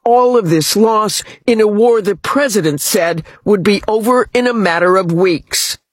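A man reporting the news in a measured, sober way, heard in a played clip. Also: sits high, breathy edge. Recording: news clip with crowd noise behind.

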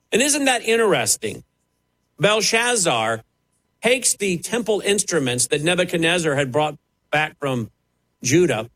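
A man's voice: on the high side, sing-song, measured pace, a bit bright, rough recording. A man preaching, fiery and emphatic, mocking the voices he quotes. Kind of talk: preaching sermon.

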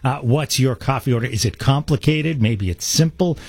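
A man's voice: medium pitch, moderate pace, darkish tone, slightly rough, dry recording. A man co-hosting a morning radio show, telling wry stories and reading listener texts in casual studio chat. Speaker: radio co-host.

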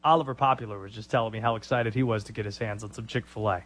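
A man's voice: fairly low pitch, fairly even intonation, racing, fairly bright tone. A man hosting a sports talk radio show, opinionated and joking.

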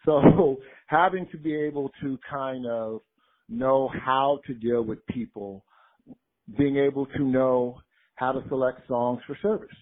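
A man who directs gospel choirs, speaking as an interview guest in a relaxed, reflective way and often checking in with "right?". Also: mid-range voice, a little slow. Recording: tinny phone-like line.

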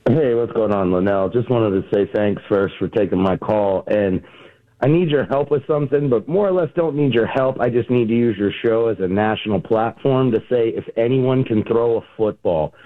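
Wry caller on a phone line. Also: male voice, on the low side, moderate pace. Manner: wry, exasperated. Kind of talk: call-in chat.

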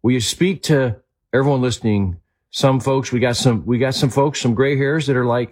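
A man's voice: medium pitch, sing-song, moderate pace, darkish tone, breathy edge. A man hosting a faith talk show, speaking with enthusiasm and strong emphasis as he questions his guest. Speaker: host.

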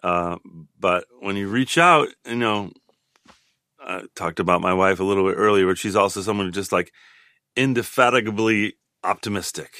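A man in his sixties talks things through slowly and openly as an interview guest, often stopping to restart a thought. His voice has a bright, forceful edge. The recording is dry and close. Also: low voice, no echo. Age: 60s. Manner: thoughtful, halting, with frequent restarts. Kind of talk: reflective interview talk.

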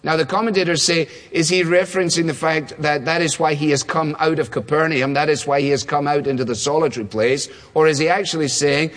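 A man's voice: medium pitch, brisk. A man preaching a sermon in a conversational way, full of rhetorical questions and small restarts. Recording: long hall reverb.

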